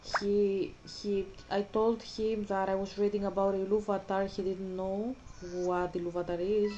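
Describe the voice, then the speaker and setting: A woman talking casually to camera in a vlog, halting and searching for words as she explains herself. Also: medium pitch, flat delivery, dull audio, background noise. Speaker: vlogger.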